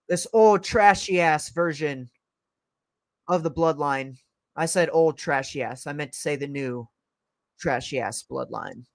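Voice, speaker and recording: Excitable high-pitched man calling wrestling. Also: no echo. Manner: excited play-by-play, calling moves as they happen. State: starting to lose his voice. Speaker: livestream host. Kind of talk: live wrestling reaction commentary. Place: at home by his PC.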